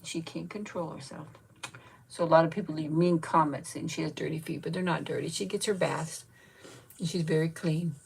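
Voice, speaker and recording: A woman's voice: low voice, fairly even intonation, normal speed, gravelly, breathy edge. A woman in her fifties hosting a casual live chat, cooing baby talk at her pet and thanking viewers by name. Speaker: channel host.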